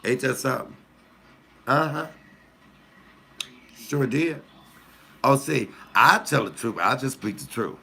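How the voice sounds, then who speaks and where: A man in his fifties doing casual comic storytelling, animated, jumping high and loud when he acts out outbursts. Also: slow pace, vocal fry, long pauses, breathy edge. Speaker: comedian storyteller.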